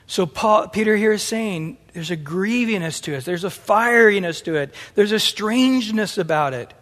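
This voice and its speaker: High-voiced man preaching in a hall. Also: moderate pace, few pauses. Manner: animated, acts out quoted voices. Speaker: pastor. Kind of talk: sermon. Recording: long hall reverb.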